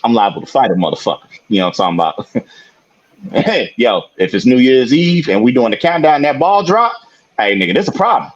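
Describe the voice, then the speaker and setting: A man's voice: medium pitch, expressive, fairly quick, dull audio. A man co-hosting a podcast, telling a story in casual chat, laughing often and swearing freely. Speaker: podcast co-host.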